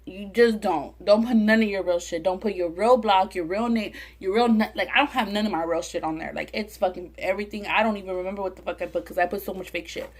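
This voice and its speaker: Talking fast with hardly any pauses, a young Southern Californian mukbang vlogger rattles off a profane story to camera. She's animated and performs the quoted voices, speaking at a medium pitch.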